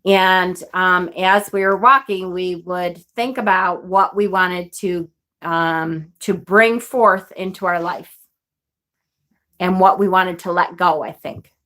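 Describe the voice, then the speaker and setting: A woman's voice: lowish voice, fairly even intonation, a little slow, a bit bright. A woman in her forties chatting casually as a vlogger, telling a rambling story and laughing often. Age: 40s. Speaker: witchcraft vlogger.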